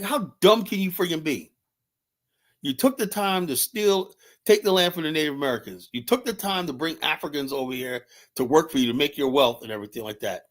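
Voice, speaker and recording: A livestream host with a fairly high, bright voice delivers a casual rant that is heated, profane and rambling, full of restarts. He is recorded on a streaming setup mic.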